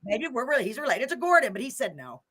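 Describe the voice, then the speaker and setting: A woman's voice: on the high side, sing-song, quick pace, a crowd in the background. An older woman hosting a radio show, chatting casually and emotionally, often laughing. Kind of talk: casual chat.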